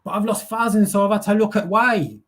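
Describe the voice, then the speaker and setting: Talking briskly in a high-sitting voice, a middle-aged man goes on a profane, slang-heavy livestream rant. He's heated but casual and keeps tossing in "you get me."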